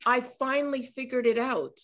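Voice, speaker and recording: A woman in her forties, an author talking on a panel over a video call, animated and acting out the voices in her stories. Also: high voice, normal speed. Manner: animated storyteller acting out dialogue. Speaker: author and former politician. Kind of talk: conversational talk on a panel.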